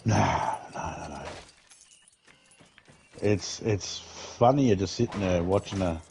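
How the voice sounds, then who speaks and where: Deep-voiced laid-back man. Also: takes it slowly, creaky, background noise. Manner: laid-back, easygoing banter. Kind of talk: casual gaming chat.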